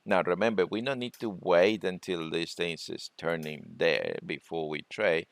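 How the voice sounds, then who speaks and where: A man presenting a trading webinar, talking through charts in a halting way and often repeating words. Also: sits low, gravelly, no echo. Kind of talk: screen-share trading lesson.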